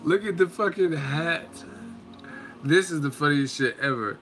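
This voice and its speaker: A man hosting a live-stream boxing chat, talking casually and excitedly, laughing often and swearing freely. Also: a little high, unhurried, soft background music. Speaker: boxing channel host.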